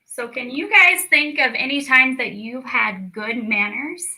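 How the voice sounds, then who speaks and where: A young woman teaching a children's lesson, slow and encouraging as she speaks to young kids. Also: sits high, pushed and bright, low-quality recording. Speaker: speech clinic storytime teacher.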